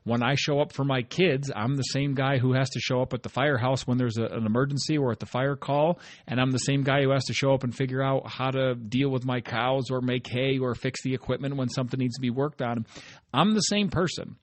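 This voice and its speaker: This solo motivational podcast host speaks a little fast in a medium-pitched voice with fairly even intonation and no room sound. He stays conversational, earnest and encouraging, often tagging lines with "right?"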